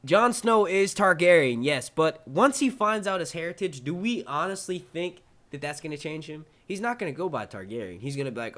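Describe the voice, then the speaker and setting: Excitable New York guy hosting a stream. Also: fairly high pitch, moderate pace. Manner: excitable, swears casually, rambling. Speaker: channel host answering chat questions. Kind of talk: casual live-stream Q&A.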